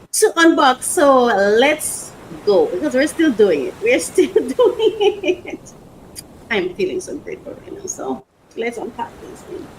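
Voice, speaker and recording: A woman's voice: a little high, slight background noise, rough recording. A woman hosting a casual unboxing vlog, rambling, emotional and repeating herself. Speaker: podcast host.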